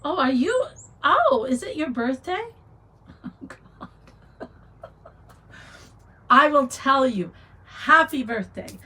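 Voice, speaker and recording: Woman, middle-aged, livestream host, casual chat, fairly high voice, encouraging. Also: big pitch swings, unhurried, poor audio. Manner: chatty, reads viewer comments aloud, warm encouragement.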